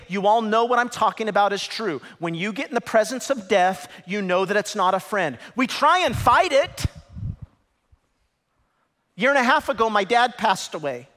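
Middle-aged pastor preaching, high lively voice, swings quiet to shouty, big hall reverb. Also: male voice. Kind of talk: sermon. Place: large church hall. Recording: long reverb of a large hall.

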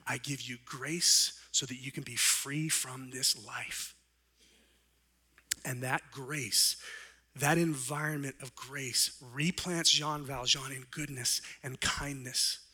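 Pastor type, male, mid-pitched and very bright, delivering an earnest sermon with swelling and hushed passages. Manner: earnest preaching, voice swelling up then dropping soft, with slow emphatic phrases.

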